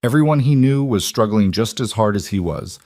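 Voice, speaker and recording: A man reading a dramatic story as a narrator, in a steady, even storytelling manner. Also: lowish voice, normal speed, no echo, clean studio sound.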